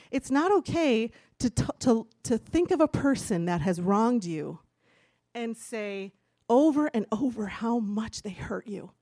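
A woman's voice: fairly high pitch, a little mellow, no echo, studio quality. A woman giving a candid, chatty personal testimony from a church stage, laughing now and then as she talks. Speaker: speaker giving a church talk.

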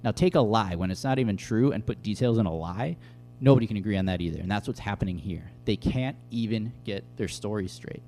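A young adult man giving a casual, conversational bible teaching, telling stories with lively asides. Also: on the low side, fairly quick, a little hiss or hum. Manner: conversational, animated storytelling with asides.

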